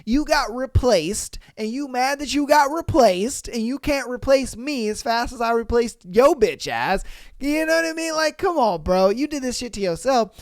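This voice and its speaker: Man, podcast host, blunt and profane, animated, smooth voice, dry sound. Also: extremely high pitch, normal speed, no room sound. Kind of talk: reading listener stories with commentary.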